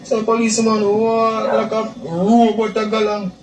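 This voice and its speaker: A young man with a Jamaican Patois accent, giving a halting, repetitive eyewitness account, recorded in a distant, echoey, noisy clip. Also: high-pitched, little pitch movement. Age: young adult. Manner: halting, repeats himself, acts out quotes. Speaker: witness interviewee.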